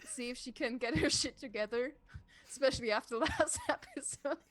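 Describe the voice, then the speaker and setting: A woman's voice: high-pitched, huge pitch swings, normal speed, no echo. A German woman speaking English with a German accent, a tabletop game player chatting in a giggly, self-conscious way with many restarts. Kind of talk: casual chat on a live stream.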